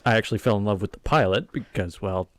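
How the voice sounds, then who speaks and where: A man's voice: lowish voice, fast talker, no echo. A man co-hosting a painting show, trading joking, teasing banter. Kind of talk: casual chat.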